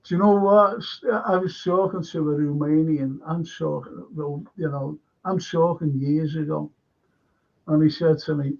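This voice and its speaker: A man's voice: fairly high pitch, steady tone, unhurried, creaky, a little mellow. A man hosting a casual talk show, rambling with restarts and reading viewer comments aloud. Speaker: host. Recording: dull lo-fi sound.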